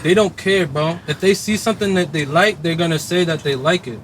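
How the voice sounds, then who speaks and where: A young man with a high voice talks in an easy, laid-back way, walking through a scenario one step at a time. It is casual outdoor banter, with loud traffic and street noise behind him. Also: brisk. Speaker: podcast co-host.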